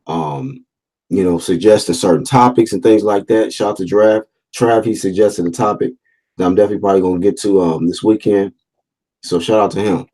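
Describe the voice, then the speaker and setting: Laid-back man with a low mellow voice. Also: fairly even intonation, fairly quick. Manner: talkative, repeats phrases, reads out chat comments; fillers and restarts, laid-back slang. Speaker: boxing livestream host. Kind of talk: casual livestream commentary.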